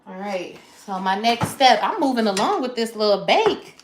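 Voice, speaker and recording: Amid slight background noise and the clatter of pans and dishes, a woman runs a live cook-along in her echoey home kitchen. She speaks on the high side in a sing-song way at a moderate pace, chatting with viewers as she explains every step.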